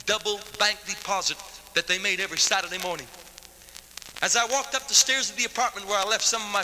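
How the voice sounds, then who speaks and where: A man's voice: high-pitched, bright, forceful tone, slight background noise. A man evangelist giving a dramatic testimony sermon, telling his story vividly with street slang. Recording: long hall reverb.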